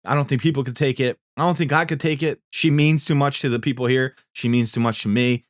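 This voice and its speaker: A man's voice: mid-range voice, steady tone, quick pace, no room sound, studio quality. Casual man recapping a TV show. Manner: retells scenes, acting out characters' lines. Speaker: recap host.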